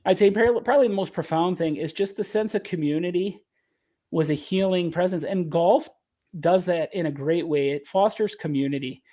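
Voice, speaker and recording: A man's voice: high voice, normal speed, mellow. A man talking as an interview guest, a caddie reflecting earnestly and often restarting his sentences. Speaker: caddie and author, podcast guest. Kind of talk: casual interview talk.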